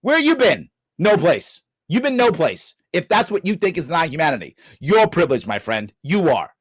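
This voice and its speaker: A man's voice: a little high, normal speed, breathy edge, no echo. A middle-aged man hosting a live reaction show, ranting in a sarcastic, scolding way. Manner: animated, scolding, sarcastic, swearing. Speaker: show host reacting to a clip. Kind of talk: heated live-stream commentary.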